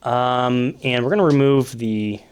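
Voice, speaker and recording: A man's voice: medium pitch, measured pace, clean tone. A man, a realtor, casually explaining rental investment numbers while working through a calculator, conversational and thinking aloud. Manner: conversational, many fillers and restarts, thinking aloud over numbers. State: coughing now and then. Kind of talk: casual screen-share explainer.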